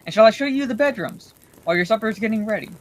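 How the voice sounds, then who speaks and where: A woman voicing a cheery, eager young male hobbit servant in a storybook reading, speaking quickly. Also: on the high side, lively intonation, rough recording.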